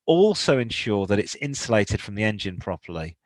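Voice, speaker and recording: A man's voice: on the low side, very animated, brisk, dry recording, poor audio. Chatty British man giving car advice. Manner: chatty, rambling, answers listener questions. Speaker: podcast co-host. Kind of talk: casual car-advice chat.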